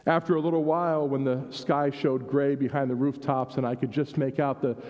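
Pastor reading a story in an echoing hall. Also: male voice, mid-range voice, little pitch movement. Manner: measured storytelling with small repeats. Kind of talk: reading a story aloud in a worship service. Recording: dull sound in a reverberant hall.

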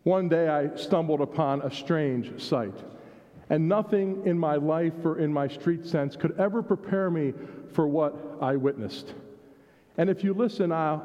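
A pastor reads a story to his congregation in a measured, unhurried way, his voice mid-pitched and mellow. A long reverb from the hall trails after each phrase. The recording sounds dull and muffled. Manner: measured storytelling with small repeats. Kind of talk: reading a story aloud in a worship service.

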